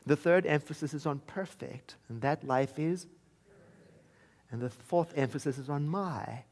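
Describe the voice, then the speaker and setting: A man from South Africa giving a sermon in a church, telling a personal story in a conversational way and slowing into soft, chanted affirmations. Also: on the high side. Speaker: minister. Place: church sanctuary.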